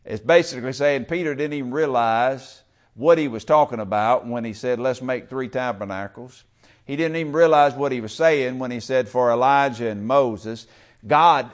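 A man preaching a sermon in church, talking with the congregation and swinging from loud, stretched-out calls to quiet whispers. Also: on the high side. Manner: talks with the congregation, calls for amen and uses y'all. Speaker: pastor.

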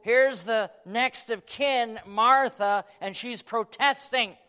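High-voiced man preaching a fiery sermon. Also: slow pace, clean tone. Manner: dramatic, swings from hushed to shouting; quotes King James scripture.

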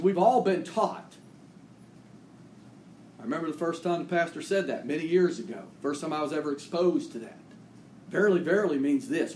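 A man preaching a sermon as pastor. He swings between loud, emphatic declarations and hushed, intimate asides. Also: on the high side, echoey room, a little hiss or hum.

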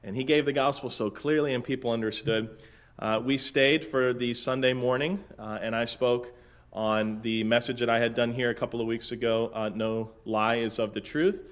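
A middle-aged man from Florida, a pastor telling a relaxed story from the pulpit with dry humor and lots of fillers. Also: medium pitch, normal speed. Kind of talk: casual sermon-opening story.

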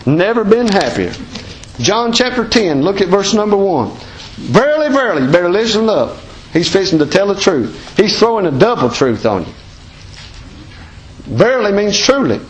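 A man's voice: high voice, sing-song, moderate pace, slight background noise, rough recording. A man with a Southern American accent preaching a sermon as pastor, folksy and emphatic, full of rhetorical questions.

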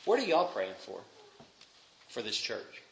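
A young man preaching a sermon as pastor, dropping to quiet asides and rising to loud, emphatic peaks. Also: mid-range voice, huge pitch swings, unhurried. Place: church sanctuary. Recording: echoey room, faint noise.

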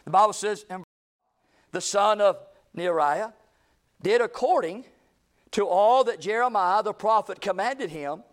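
Fiery high-voiced preacher. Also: male voice, measured pace, pauses often. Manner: fiery, swings between loud shouting and hushed low lines. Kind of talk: revival sermon.

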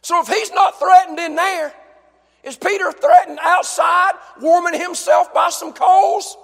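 A male preacher delivering a fervent sermon in a church, dropping to a hush and then building to shouts with repeated phrases. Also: very high voice, fairly even intonation, measured pace, vocal fry, big-room sound.

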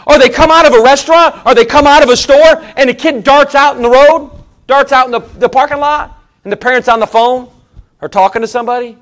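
A middle-aged pastor with a notably high-pitched voice delivers a sermon as if talking with his congregation. He stacks repeated phrases and moves between forceful, emphatic climbs and soft, low-key asides. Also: fairly quick. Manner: conversational preaching with repeated phrases.

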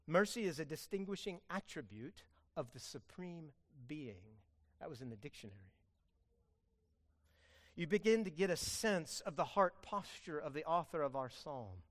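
A man preaching a sermon as pastor, earnest, swinging between loud pleading and hushed emphasis. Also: high voice.

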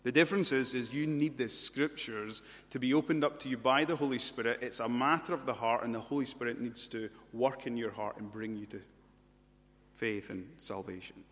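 A man's voice: mid-range voice, normal speed, a bit bright. A man preaching an expository sermon, leaning on rhetorical questions and emphatic repetition. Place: church. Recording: reverberant church hall.

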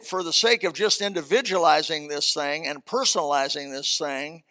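A man's voice: a little high, normal speed, bright, forceful tone. An older man, a senior pastor preaching a sermon in a church auditorium in a folksy, emphatic way with humorous asides.

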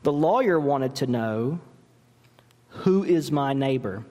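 In a large church hall that lends his voice a long reverb, a pastor preaches with a slow, deliberate cadence. His pitch rises and falls with lively animation, and he drives his points home with emphatic rhetorical questions.

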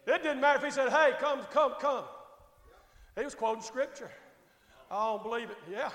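Middle-aged pastor guy preaching, really high voice, goes from quiet asides to full-on shouting, big ringing church sound. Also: normal speed, pauses often. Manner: swings from quiet asides to shouted preaching, repeating "is everybody all right". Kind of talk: sermon. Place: church sanctuary. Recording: echoey church hall with long reverb.

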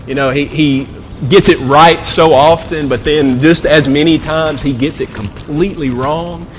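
Earnest preacher in a reverberant hall. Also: male voice, steady tone, a little slow. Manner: earnest, repeats words, frequent fillers. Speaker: pastor. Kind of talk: sermon. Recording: long hall reverb, faint rumble.

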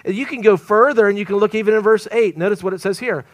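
A man's voice: sits high, fast talker, no echo. A man preaching a sermon to a live congregation, telling stories with jokes and laughter. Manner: animated storytelling with laughs and joking asides. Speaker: traveling evangelist preacher.

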